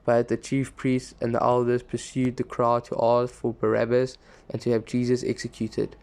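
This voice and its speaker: A man reading a scripture passage aloud, steady and plain, with the odd small slip and restart. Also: medium pitch, moderate pace, vocal fry. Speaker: scripture reader.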